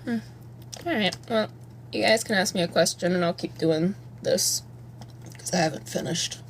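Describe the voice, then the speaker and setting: A woman's voice: fairly low pitch, moderate pace, creaky, a little hiss or hum. Rambling, candid woman chatting on a live stream. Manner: rambling, candid, swears freely. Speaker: livestreamer. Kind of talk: casual live stream chat. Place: at home, doing her makeup.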